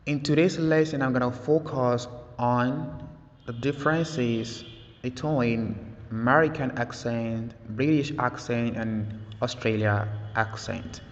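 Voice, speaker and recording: A man teaching an English vocabulary lesson, speaking slowly and deliberately and repeating words for his learners. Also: medium pitch, steady tone. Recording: echoey, dull lo-fi sound.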